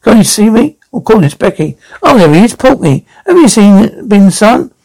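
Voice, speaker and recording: A woman's voice: mid-range voice, sing-song, normal speed, gravelly, darkish tone, rough recording. A woman playing a cheeky, foul-mouthed elderly grandmother who mocks and nicknames everyone in a comedy sketch. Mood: mocking. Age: older. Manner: mocking, name-calling, interrupting.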